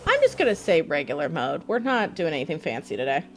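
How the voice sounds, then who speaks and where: A woman's voice: deep voice, fast talker, faint music behind. A young woman live-streaming a game, chatting casually, laughing a lot and swearing. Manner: giggly, animated, swears. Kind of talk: casual live-stream chat over gameplay.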